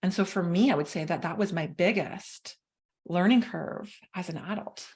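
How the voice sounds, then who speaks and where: A woman's voice: lowish voice, moderate pace, darkish tone. A woman guest coach speaking emphatically in an interview, often adding "right?". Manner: emphatic, tags lines with "right?".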